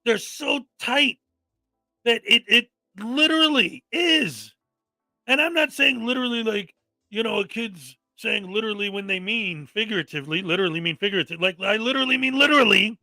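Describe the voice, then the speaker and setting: A man with a very high, sharply bright voice hosts a reaction commentary, exasperated and mocking as he rants. His sound is dry and close, with faint music underneath. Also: normal speed, dry recording. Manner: exasperated, mocking, often mimics people angrily. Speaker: commentary host.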